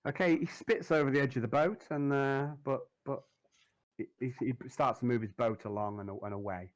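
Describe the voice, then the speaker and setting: A man's voice: medium pitch, steady tone, moderate pace, low-quality recording. A man narrating a tabletop game as game master, hesitant with many fillers.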